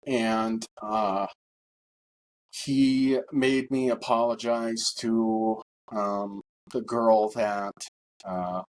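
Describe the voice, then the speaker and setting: A man telling his own story in a halting monologue, full of pauses and fillers, grieving and bitter. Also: mid-range voice, darkish tone, poor audio. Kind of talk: personal testimony monologue.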